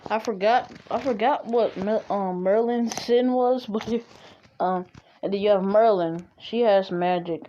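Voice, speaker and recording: Young woman, casual storyteller, rambling, lots of ums, self-correcting, middle pitch. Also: measured pace, warm tone, dull audio, slight background noise. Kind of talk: casual fan-fiction retelling.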